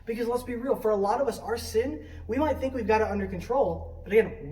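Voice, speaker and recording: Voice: mid-range voice, brisk, warm tone. A student ministry leader giving a conversational youth sermon in a church sanctuary, asking many questions and often adding "right?". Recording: roomy sound from a distant mic, faint noise.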